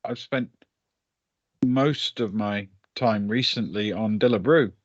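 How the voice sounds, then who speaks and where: A man's voice: fairly low pitch, slow pace, no room sound, lo-fi sound. A man doing a sheltered, blunt young woman. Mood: plain. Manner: short, simple, flat statements.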